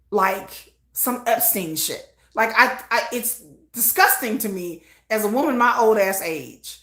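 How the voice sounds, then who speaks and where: A middle-aged woman hosting a casual livestream, blunt and animated, laughing often and acting out conversations. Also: fairly high pitch, reverberant. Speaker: livestream host.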